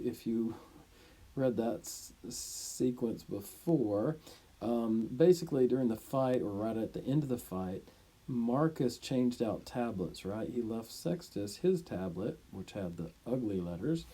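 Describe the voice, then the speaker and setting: A man's voice: medium pitch, dark tone, slightly rough. A man teaching Latin, reading a story and translating it line by line with plain explanations and the occasional joke.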